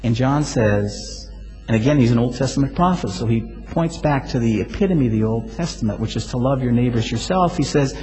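A male pastor preaching a sermon, telling stories with lively swings and sudden loud exclamations. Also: medium pitch, a little fast, faint music behind. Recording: hall reverb.

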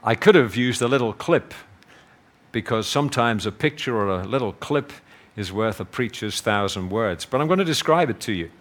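Preacher guy, mid voice, measured sermon, gets lively in the stories. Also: mid-range voice. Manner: measured, hushed prayer and lively storytelling.

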